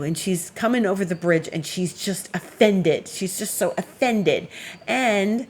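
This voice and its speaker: Astrologer woman with a low voice, rambling easy forecast talk. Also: a little slow, a little hiss or hum. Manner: chatty and meandering, laughs while telling stories. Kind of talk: casual weekly astrology forecast.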